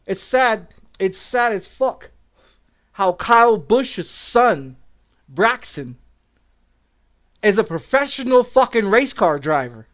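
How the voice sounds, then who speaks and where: A man's voice: sits high, big pitch swings, takes it slowly, pauses often, a bit bright. A middle-aged man streaming games, ranting angrily and repeating himself, full of profanity. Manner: profane, aggressive, repetitive ranting. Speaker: game streamer. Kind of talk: angry streaming rant.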